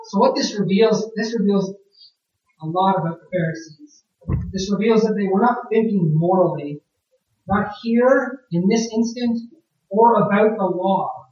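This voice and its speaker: A man's voice: high-pitched, unhurried, darkish tone, dull audio. Male preacher, chatty sermon delivery full of rhetorical questions, distant mic in a very echoey room. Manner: conversational, asks rhetorical questions.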